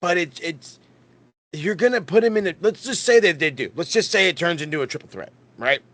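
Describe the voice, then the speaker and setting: A man's voice: on the high side, expressive, brisk, fairly bright tone. A man co-hosting a casual wrestling podcast, rambling and swearing with lots of stammered restarts. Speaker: podcast co-host.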